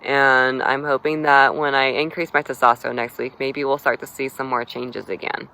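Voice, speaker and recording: A man's voice: medium pitch, level tone, moderate pace, bright, forceful tone, clear, resonant tone, poor audio. A man talking casually in a video diary, rambling with lots of fillers and restarts. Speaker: vlogger.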